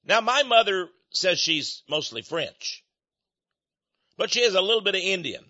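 Folksy older man, high bright voice. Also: animated, normal speed, no room sound. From United States. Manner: folksy, rambling, chuckles between points. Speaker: speaker. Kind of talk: opinionated monologue. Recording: dull lo-fi dry recording.

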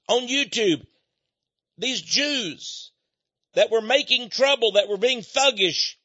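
High-voiced emphatic male preacher. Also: pushed and bright, dry recording. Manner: emphatic, repetitive, addressing listeners directly. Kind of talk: radio-style sermon monologue. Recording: dull, muffled dry recording.

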